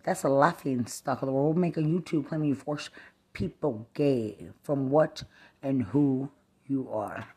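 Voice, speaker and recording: A woman rants into the camera in a low voice, swearing hard and leaping between half-finished thoughts. She talks slowly and heavily, her anger showing in every line. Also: darkish tone. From Texas. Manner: angry, cursing, jumping between thoughts. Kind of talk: profane rambling rant to camera.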